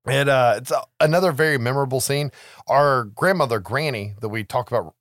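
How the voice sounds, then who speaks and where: This is a man in his thirties with a mid-pitched voice, recapping a film for his podcast co-host. He tells it like a story, swears freely, laughs often and acts out the characters' lines. The recording is dry and close. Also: brisk, fairly bright tone, no room sound. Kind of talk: casual movie recap chat.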